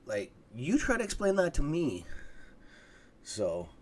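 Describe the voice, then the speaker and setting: A man's voice: a little high, wildly swooping pitch, takes it slowly. A tired, yawning man hosting a casual live stock market stream, rambling and swearing now and then. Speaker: stock trading livestream host.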